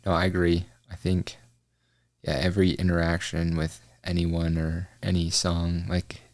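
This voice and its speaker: Deep-voiced male podcast host, dry sound. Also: completely flat delivery, a little slow, no echo. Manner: short affirming interjections, enthusiastic. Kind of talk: casual interview talk.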